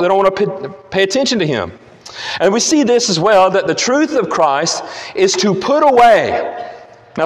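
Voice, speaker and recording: Man preaching in an echoing hall. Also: fairly high pitch. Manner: earnest teaching, frequent restarts. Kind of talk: expository sermon.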